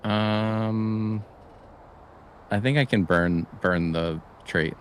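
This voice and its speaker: Man, tabletop player, very deep voice, halting, faint noise behind. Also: steady tone. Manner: hesitant, many fillers and restarts. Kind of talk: casual tabletop play.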